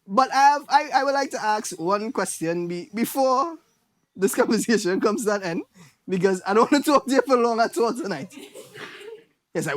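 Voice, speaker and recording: Speaking at a normal speed in a high voice, a Trinidadian-accented comedian works through a stand-up set built on lively storytelling and mimicry of his relatives.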